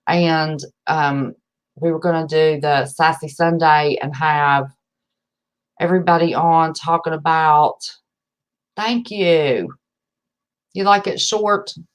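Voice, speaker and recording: Lower-pitched Appalachian woman, livestream host, folksy and chatty, greets viewers warmly by name. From West Virginia. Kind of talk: casual livestream chat.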